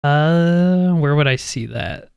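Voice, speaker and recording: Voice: mid-range voice, takes it slowly, creaky, clear, resonant tone, no room sound, highs cut off. A tabletop game player speaking casually, rambling with many fillers.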